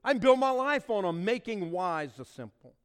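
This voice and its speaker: A middle-aged man preaching a sermon, swinging between loud declarations and quiet asides. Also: high-pitched, big pitch swings, normal speed, smooth. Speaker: pastor. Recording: long reverb of a large hall.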